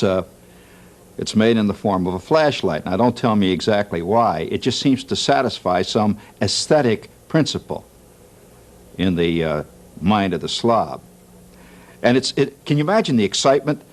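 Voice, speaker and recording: Male TV host, lowish voice with lively swings of pitch, wry comic monologue in a studio. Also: moderate pace. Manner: jokey, wry, laughs at his own jokes. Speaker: talk show host.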